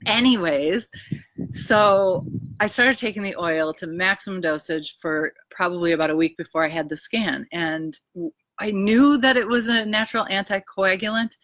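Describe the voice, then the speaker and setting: In her backyard, a woman speaks casually into her phone during a live video chat, telling a personal health story. She's emotional and rambling, full of "ums" and "anyways," and her lowish, fairly bright voice comes through on a dry recording.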